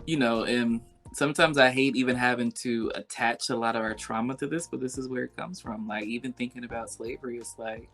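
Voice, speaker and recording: A man hosting a podcast conversation, reflective and measured as he asks questions. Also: mid-range voice, fairly even intonation, fairly bright tone, soft background music. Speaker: podcast host. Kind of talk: casual interview conversation.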